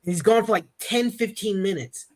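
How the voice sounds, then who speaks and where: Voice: mid-range voice, normal speed. A stream panelist in casual chat, telling stories in a rambling way and restarting sentences.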